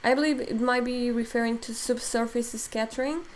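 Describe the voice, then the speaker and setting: A digital sculpting instructor hosts a live tutorial stream, thinking aloud with lots of fillers and reading chat comments as her voice grows strained and tired. She speaks on the high side at a moderate pace with a steady tone. There's slight background noise.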